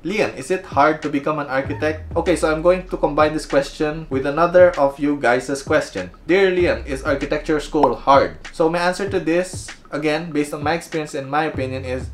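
A man's voice: fairly high pitch, brisk, few pauses, soft background music. Playful young Filipino man vlogging. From Philippines. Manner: playful, self-mocking, chatty. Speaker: architecture video creator. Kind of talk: casual vlog Q&A.

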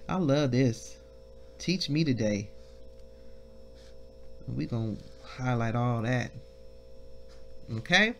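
A woman leading a devotional Bible lesson, reading scripture slowly and breaking into shouts of praise. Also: very deep voice. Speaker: minister.

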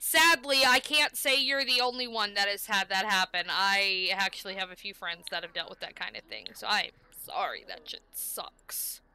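A woman's voice: medium pitch, normal speed, hardly any pauses, sharp tone, clear, resonant tone, dry recording. A woman streaming a life-sim game, chatting casually and coaxing the characters on screen. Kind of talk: casual gameplay commentary.

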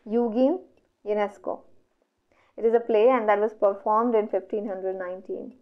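A woman's voice: mid-range voice, fairly even intonation, normal speed. A woman with an Indian English accent teaching an online exam revision lecture, working through questions step by step and asking herself questions that she then answers. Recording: dull lo-fi audio.

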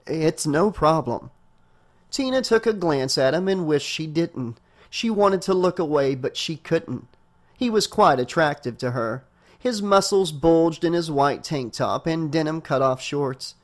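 A man narrating a horror novel as an audiobook reader, with a steady storytelling delivery. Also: fairly high pitch, unhurried.

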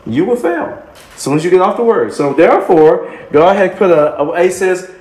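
A man preaches a sermon with emphatic, repeating phrases and little chuckles between points. His voice sits a touch high. The recording has a roomy, echoing sound. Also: very animated, normal speed, darkish tone. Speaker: minister. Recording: echoey room.

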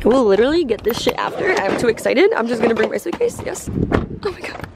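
Bubbly high-voiced young woman vlogging. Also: sing-song, loud music behind the voice, low-quality recording. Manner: bubbly, gushing, quick to laugh. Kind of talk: casual vlog chat.

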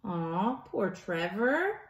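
A woman teacher reading a picture book aloud to children in an animated way, pausing to ask them questions. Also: medium pitch, a little hiss or hum. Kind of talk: children's story time.

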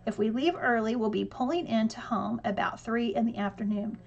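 A woman's voice: on the high side, steady tone, vocal fry, highs cut off. A woman voicing an organized mother who methodically reads out a trip plan. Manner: methodical, brisk list-reading. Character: organized, businesslike mother laying out plans.

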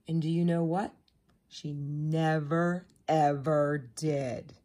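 A woman narrating children's picture books in a gentle, expressive storytelling voice. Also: low-pitched, slow pace. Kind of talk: children's story read-aloud.

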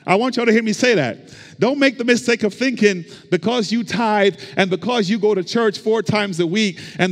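Guy pastor preaching, call and response stuff, long echo in the hall. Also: sits high. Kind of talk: sermon. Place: church sanctuary.

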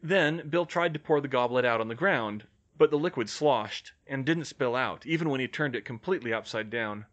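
A man reading fan fiction aloud as an audiobook, with measured storytelling. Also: medium pitch, a bit bright. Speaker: audiobook reader.

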